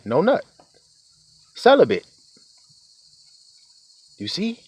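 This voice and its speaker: A young man talks in a lively, swooping voice that sits a little high. He preaches life advice between frequent laughs and swear words. The recording is dry and slightly dull. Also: dry recording. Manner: laughs often, swears, acts out quotes in a higher voice. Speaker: vlogger giving life advice. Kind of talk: casual preachy monologue.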